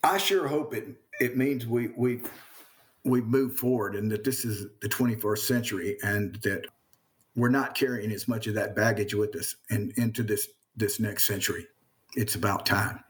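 A Southern American man speaking earnestly in an interview, halting and repeating words as he reflects. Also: on the low side.

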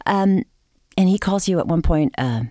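A woman's voice: lowish voice, expressive, normal speed, warm tone, no room sound, clean studio sound. A woman hosting a radio interview show, talking in a friendly, conversational way. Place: radio studio. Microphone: studio mic.

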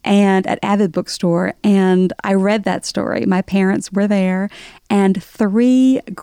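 A woman, an author giving a radio interview, animated and often laughing. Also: mid-range voice, unhurried, clear, resonant tone, dry recording, studio quality. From American South. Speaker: author guest.

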